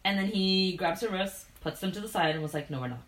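A young woman chatting casually with friends about a novel, excitable and laughing, acting out lines from the book. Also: medium pitch, fairly quick, reverberant, far from the mic, rough recording. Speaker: book club co-host. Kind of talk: casual chat, reading a novel aloud with friends.

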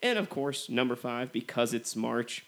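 A man co-hosting a movie podcast, comparing films in a relaxed way with lots of "you know". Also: mid-range voice, a little slow. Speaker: podcast co-host. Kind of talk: casual movie review chat.

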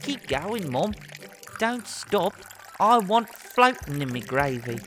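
Guy doing a whiny kid begging for gravy, squeaky and bouncy, music going. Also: big pitch swings, slow, heavily acted. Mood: eager. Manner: whiny, high-pitched child voice. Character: fussy young son demanding gravy.

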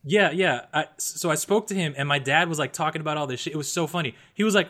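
A young man in his twenties talking in casual chat, his voice a touch higher than most men's. He tells a story full of swearing, bursting loud and then dropping to a mutter. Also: fast talker. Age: 20s. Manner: animated, profane storytelling with swings from loud to muttered.

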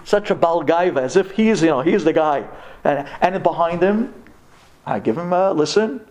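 A man's voice: a little high, lively intonation, normal speed, a little mellow, highs cut off. A man telling a personal story to an audience, impassioned, with stammering restarts and religious Hebrew and Yiddish terms. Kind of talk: emotional personal storytelling talk. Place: before a live audience.

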